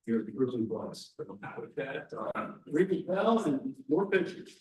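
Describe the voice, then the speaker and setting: A man runs a club event as its president, thanking people informally with plenty of uhs. His slightly high voice rings through a roomy hall, heard from a distance. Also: big pitch swings, slow, darkish tone. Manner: informal with many fillers.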